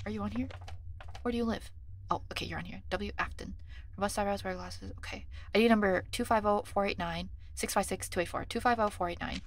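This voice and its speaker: A woman's voice: medium pitch, a little fast, a little hiss or hum. Chatty young woman streaming a game. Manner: scattered and chatty, many ums, gets flustered; reads on-screen instructions in a mumbly undertone. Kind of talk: live gameplay commentary, reading game text aloud.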